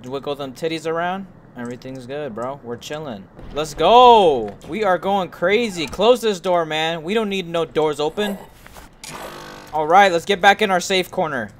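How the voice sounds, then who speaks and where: A young man with a fairly high voice, talking his chat through a horror game with crude jokes and loose banter. He mutters to himself between tasks and yells out loud at every scare. A faint hiss of noise sits under his voice. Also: moderate pace. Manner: joking, profane, talks to himself; shouts when startled. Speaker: gaming streamer. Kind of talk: let's play commentary to chat.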